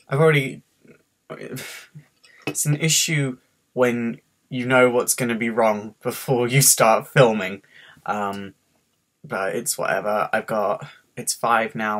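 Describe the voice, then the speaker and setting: A man's voice: lowish voice, a bit bright. A man with a faint Scottish accent, stressed and rambling through a casual story about his day on a home webcam vlog. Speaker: vlogger.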